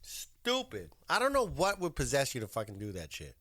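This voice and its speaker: Animated, swearing podcast man. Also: mid-range voice, normal speed. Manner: profane, animated storytelling. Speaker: podcast co-host. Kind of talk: casual chat.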